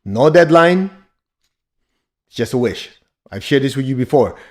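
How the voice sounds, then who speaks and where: A man's voice: mid-range voice, expressive, unhurried, darkish tone. Blunt, emphatic male spiritual teacher. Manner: emphatic, blunt and joking, with bursts of laughter. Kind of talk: motivational teaching talk.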